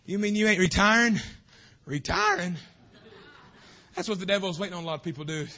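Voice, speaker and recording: Fervent high-voiced preacher man. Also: brisk. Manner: fervent, swings between shouting and hushed tones. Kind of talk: revival sermon. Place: church sanctuary.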